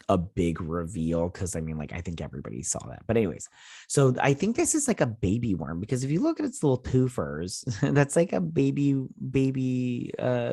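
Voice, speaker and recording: A man recaps a TV episode in a loose, chatty ramble, stumbling through restarts and fillers. His voice sits fairly low. The sound is dry and close, with no room echo. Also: husky. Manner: acts out characters' lines in quick impressions. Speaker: host of a TV review channel. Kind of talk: casual episode recap and review.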